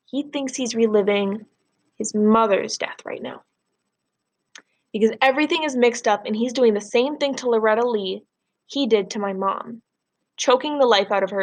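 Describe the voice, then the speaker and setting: A woman teacher giving a recorded lesson, explaining and reading a novel aloud patiently. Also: a little high. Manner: clear, patient, explaining step by step.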